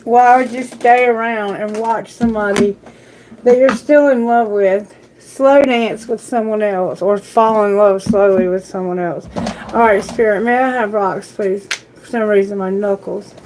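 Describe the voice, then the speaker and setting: Slow, earnest woman giving a tarot reading. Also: medium pitch, fairly even intonation, noisy background. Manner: earnest, sympathetic, speaks directly to Spirit and viewers. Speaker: tarot reader.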